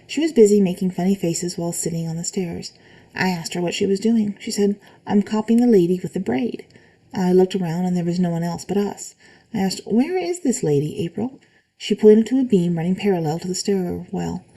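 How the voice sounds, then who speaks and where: Calm woman reading spooky stories. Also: fairly low pitch, brisk, vocal fry, rough recording. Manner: calm reading with short asides. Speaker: reader of online stories. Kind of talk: reading stories aloud with brief comments.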